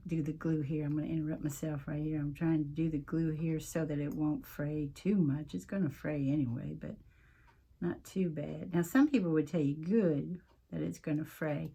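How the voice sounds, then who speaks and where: A woman's voice: on the low side, a little mellow, breathy edge. A woman hosting a casual craft tutorial, chatting and rambling as she works, often interrupting herself. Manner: mentions her accent coming and going. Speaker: craft video host.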